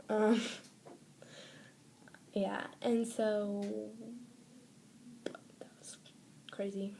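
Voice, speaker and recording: A woman's voice: medium pitch, level tone, extremely slow, creaky, pauses often, a little mellow, slight background noise. A teenage girl vlogging, telling a long personal story in a casual, rambling way with many fillers, often dropping to a whisper. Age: teens. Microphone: phone or webcam.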